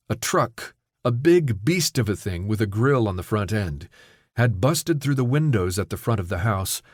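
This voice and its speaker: A man reading an audiobook novella in steady, measured scripted narration. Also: lowish voice, no room sound, studio quality.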